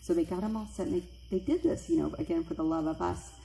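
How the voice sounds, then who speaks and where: A middle-aged woman telling a personal spooky story, lively and acting out the voices of the people in it. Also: fast, gravelly, a little hiss or hum. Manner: animated, acts out quoted voices with big pitch jumps. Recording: echoey room with faint ambience.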